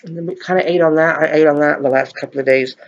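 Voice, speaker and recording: A man's voice: on the high side, fairly even intonation, quick pace, vocal fry, muffled recording. A middle-aged man in a chatty eating vlog, rambling and laughing as he talks to viewers. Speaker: vlogger. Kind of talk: mukbang chat, eating on camera.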